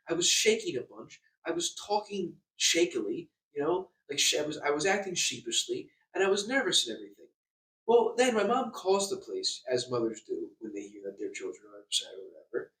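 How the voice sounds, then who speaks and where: Fast-talking young man ranting, roomy echo. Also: a little high, big pitch swings, bright, forceful tone. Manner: agitated, swearing, stammering repeats. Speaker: vlogger. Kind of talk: angry storytime rant. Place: hotel room. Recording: echoey room, distant mic.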